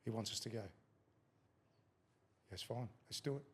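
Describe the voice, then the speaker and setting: A man's voice: lowish voice, takes it slowly, slightly rough. A middle-aged Australian man telling a story as a podcast guest, swearing freely and acting out quotes. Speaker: guest, former fighter. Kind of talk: casual storytelling in a podcast interview.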